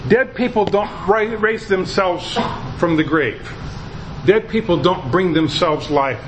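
A man's voice: sits high, expressive, slow pace, slight background noise, poor audio. A male pastor preaching a conversational sermon, often restarting his sentences as he explains a passage.

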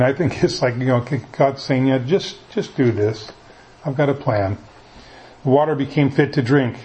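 Man preaching in a folksy halting way. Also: mid-range voice, a little mellow, rough recording. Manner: folksy, halting, with many restarts. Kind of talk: conversational sermon.

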